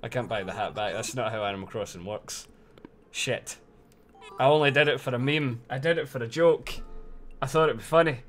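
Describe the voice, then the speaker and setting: A young Scottish man streaming a game, loud and sweary, with bursts of playful mock outrage. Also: medium pitch, a little fast. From Scotland. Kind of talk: casual live-stream commentary.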